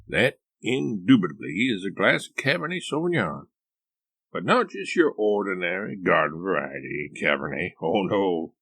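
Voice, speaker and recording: A man's voice: lowish voice, fairly bright tone, dry recording. A man voicing a paranoid, grandiose eccentric husband who talks in a pompous, grandiloquent way.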